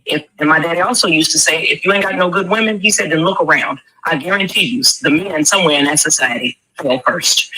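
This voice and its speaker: A woman's voice: deep voice, pushed and bright, breathy edge, low-quality recording. A woman, talking with emphatic, preachy force and rhetorical questions. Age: 40s. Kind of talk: impassioned commentary.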